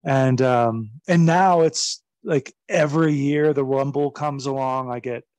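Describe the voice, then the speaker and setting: A man's voice: mid-range voice, a little slow, a little mellow, dry recording. A man in his forties, a former wrestler, telling stories in a casual interview. His speech is rambling and profane, and it is full of fillers.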